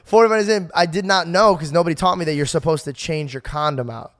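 A young man with a slightly high voice, chatting on a podcast. He tells his stories in an animated, rambling way, with frequent laughs and restarts. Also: quick pace. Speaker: podcast co-host. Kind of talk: casual chat, storytelling.

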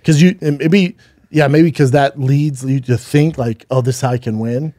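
A man's voice: mid-range voice, normal speed, mellow, dry recording, studio quality. A man co-hosting a podcast, once a fighter, chatting casually in a blunt, profane, teasing way. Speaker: podcast co-host, former fighter. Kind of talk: casual chat. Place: podcast studio.

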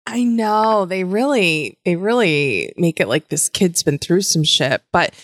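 Blunt, low-pitched woman podcaster. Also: animated, measured pace, no echo, clean studio sound. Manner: blunt, swears freely. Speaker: podcast co-host. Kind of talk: casual TV recap chat.

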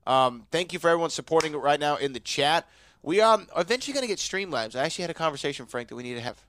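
A man's voice: a little high, lively intonation, very fast, a bit bright, a little hiss or hum. A man hosting a podcast in casual chat, sounding nasal from allergies and playfully teasing his co-host. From Houston, Texas. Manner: playful, teasing, trails off into mumbles.

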